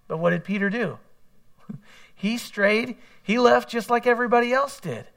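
A man's voice: extremely high pitch, animated, moderate pace, vocal fry, fairly bright tone. A man preaching a sermon in a conversational way, mixing scripture with candid personal asides. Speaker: pastor.

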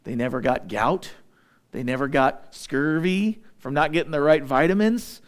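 A man preaching a sermon, animated, acting out voices in his retelling and dropping low and quiet for emphasis. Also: normal speed. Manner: animated preaching, voices the Israelites' grumbling and drops to a low intense tone. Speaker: pastor.

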